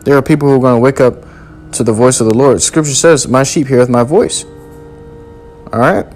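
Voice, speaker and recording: A man delivers a sermon at a medium pitch and a slightly quick pace. He reads scripture aloud and hammers his points home with forceful, repetitive, slangy language.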